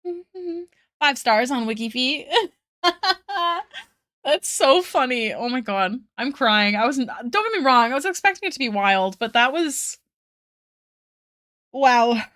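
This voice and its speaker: Woman art streamer, high voice, slow easy delivery, giggly and effusive. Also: very animated, fairly bright tone, no room sound, studio quality. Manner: giggly, laughs often; effusive thanks to chat. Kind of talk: casual chat with viewers while drawing.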